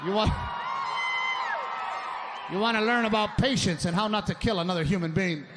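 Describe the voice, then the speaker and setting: A stand-up comedian ranting in an animated, exasperated way to a live audience on stage. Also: male voice, sits high, moderate pace, shouting, big-room sound, over music, crowd noise. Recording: live show with audience noise. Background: audience laughter.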